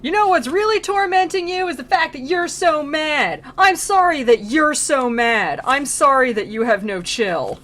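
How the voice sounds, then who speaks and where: A woman voicing an exasperated male poet guide who scolds and yells at a damned soul. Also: moderate pace, hardly any pauses, natural voice. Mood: scolding. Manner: shouting, scolding, high-strung.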